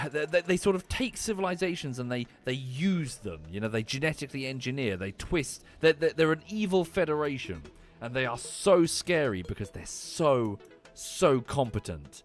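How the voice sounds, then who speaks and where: A man in his thirties, a streamer, rambling in casual chat, animated and swearing freely, with frequent restarts. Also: medium pitch, moderate pace, faint music behind.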